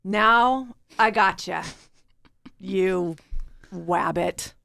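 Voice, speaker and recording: Play as a guest reading it a dim cartoon hunter with a lisp, creeping along very slowly in a gravelly whisper, then gloating over the catch. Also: medium pitch, bright, forceful tone, dry recording, full character voice. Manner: lisping w for r, creaky and slow. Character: Elmer Fudd, hushed slow-witted male hunter. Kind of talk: comic read-through of a cartoon scene.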